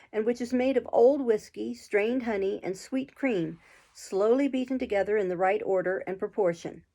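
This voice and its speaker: A woman's voice: medium pitch, warm tone. A woman reading a classic adventure novel aloud, lifting her voice for the characters' quarrelling lines. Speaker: audiobook reader.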